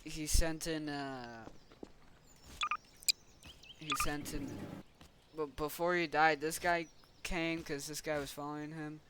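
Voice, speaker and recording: Slow, rambling man over loud noise. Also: on the high side, fairly even intonation. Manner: rambling, restarting sentences, acting out characters with quick voices. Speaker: storyteller. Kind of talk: casual retelling of a story.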